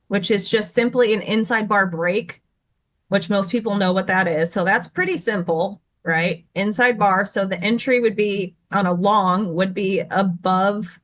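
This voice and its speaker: A woman teaching chart patterns as a guest. She explains in a hurry and stops now and then to correct herself. She speaks over a video call. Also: mid-range voice. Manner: rushed, tumbling explanations with self-corrections. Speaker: guest trading educator.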